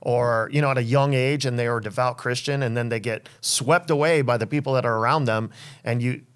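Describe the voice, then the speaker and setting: Relaxed male podcast host. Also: mid-range voice, a little fast, smooth. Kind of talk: conversational interview.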